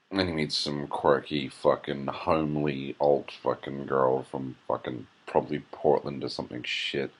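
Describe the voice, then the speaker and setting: A man's voice: rumbling low, gravelly, breathy edge. A hungover man giving an irritable, swearing running commentary as a vlogger. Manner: irritable, swearing, sighing rant.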